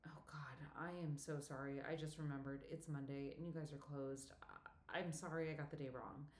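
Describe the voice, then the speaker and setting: A woman's voice: fairly low pitch, expressive, fairly quick, darkish tone, slight background noise, natural voice. A woman narrator voicing a flustered, apologetic young woman new to working in theater. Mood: embarrassed. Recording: echoey room.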